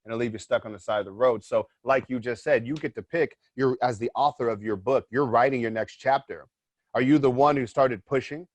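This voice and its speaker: A man guest in a casual interview, telling a story in an animated way, swearing freely and repeating his points. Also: mid-range voice, a little fast, no room sound.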